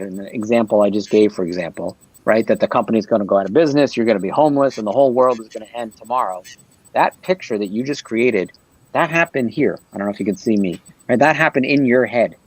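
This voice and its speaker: A man's voice: mid-range voice, no room sound, poor audio. A man talking earnestly on a livestream panel, explaining his ideas and often checking in with "right?".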